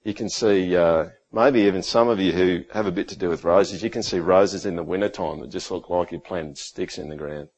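A man in his thirties preaching a sermon in a church hall, animated and joking, acting out stories with sudden jumps in voice. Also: low voice, a little fast, few pauses. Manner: animated, jokey, acts out his son's lines. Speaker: pastor.

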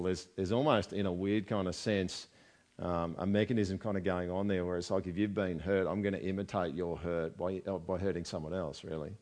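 A man's voice: sits low, a little mellow. A man preaching a sermon in a conversational way, often asking the congregation rhetorical questions. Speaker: pastor.

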